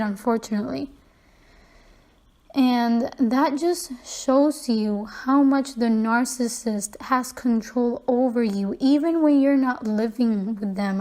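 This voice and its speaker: A woman's voice: a little high, warm tone. A young woman vlogging, candidly retelling a personal story in a conversational way with frequent fillers and restarts.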